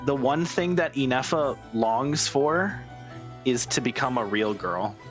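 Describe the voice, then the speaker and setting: A man's voice: medium pitch, expressive, a little slow. A young man streaming a video game, chatting casually, rambling and breaking into giggles. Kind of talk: casual gameplay chat. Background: game music.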